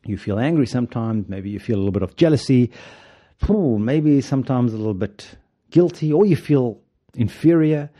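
A man's voice: mid-range voice, animated, moderate pace, mellow. A man hosting a running podcast in a casual monologue, playful and joking, often chuckling as he tells stories. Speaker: podcast host and running coach.

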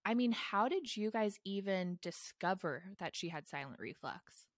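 A woman's voice: medium pitch, expressive, moderate pace, no room sound. Bubbly podcast co-host woman, dry close sound. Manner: bubbly and jokey. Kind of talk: casual podcast chat.

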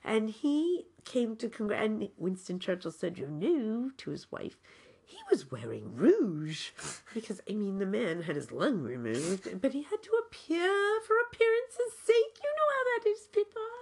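A woman improvising a comedy chat in character, telling stories in an excitable, theatrical way with sudden squeals. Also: fairly high pitch, normal speed, few pauses. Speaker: comic co-host in character.

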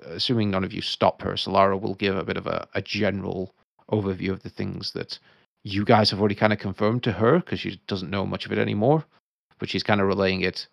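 A man narrating as game master of a tabletop game, talking quickly and casually with many fillers. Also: sits low, steady tone, creaky, no echo.

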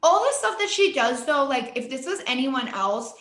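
A woman's voice: high voice, expressive, normal speed, fairly bright tone, roomy sound. A young woman co-hosting a podcast in casual chat, talking chattily with many "like" fillers. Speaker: podcast co-host.

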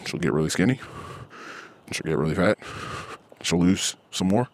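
A man in his thirties hosting a podcast, venting in a frustrated, profane monologue and mimicking others in a high voice. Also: animated, moderate pace, dry recording. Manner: frustrated, ranting, swears often. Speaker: podcast host.

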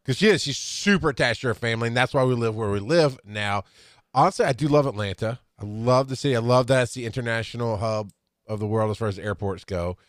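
A man's voice: mid-range voice, fast, dry recording, clean studio sound. A man chatting casually on a podcast, self-mocking. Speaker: podcast co-host. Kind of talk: casual chat.

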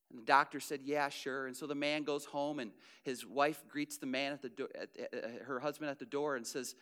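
A man's voice: medium pitch, steady tone, a little fast, hardly any pauses, fairly bright tone. A man preaching a sermon in a conversational way, restarting phrases and building emphasis as he goes. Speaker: pastor.

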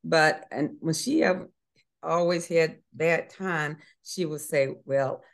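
A woman's voice: low voice, takes it slowly, gravelly. Earnest woman telling a faith story. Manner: earnest storytelling, acts out voices in her story; hesitant restarts and fillers. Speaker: interviewee. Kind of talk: personal faith testimony.

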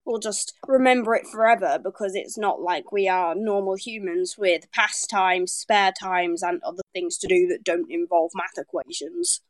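A young woman with a British accent chats on a podcast, giggling and poking fun at herself. Her voice sits at a middling pitch. The recording is dry and close. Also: animated, normal speed, hardly any pauses, dry recording. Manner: chatty, giggly, self-deprecating. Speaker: podcast guest. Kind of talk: casual chat.

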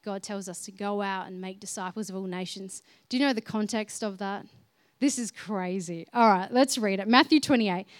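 A woman preaching a sermon in an earnest way, swinging between soft, quiet passages and emphatic ones. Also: mid-range voice, normal speed, no echo.

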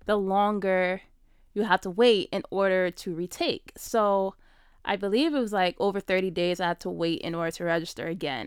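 A young woman vlogger telling a personal story in a casual, animated way, often saying "like". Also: medium pitch, moderate pace, smooth, dry recording, studio quality. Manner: animated, acts out quoted dialogue, frequent "like".

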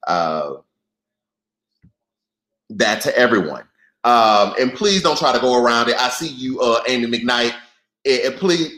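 A man hosting a live political podcast, reading and reacting to viewers in a lively, direct way. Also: mid-range voice, reverberant, poor audio. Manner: animated, talks straight to viewers. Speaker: podcast host. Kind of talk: live-stream political commentary.

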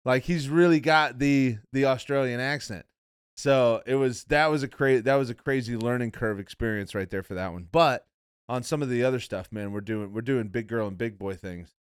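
A man's voice: medium pitch, normal speed, clear, resonant tone, no room sound, studio quality. Rambling, profane man hosting a podcast. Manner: rambling, profane, says "bro" and "dude" often. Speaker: podcast host. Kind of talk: casual chat.

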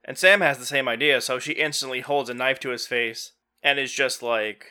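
A man's voice: medium pitch, brisk, pushed and bright. A man hosting a podcast, casually retelling a movie plot scene by scene and loosely quoting the characters. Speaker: podcast host.

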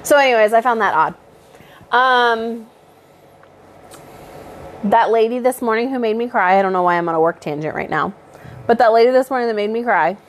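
A woman's voice: fairly high pitch, normal speed, pauses often. A young adult woman co-hosting a casual podcast, telling stories with frequent laughs. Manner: chatty, laughing storyteller. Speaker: podcast co-host. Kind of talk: casual chat.

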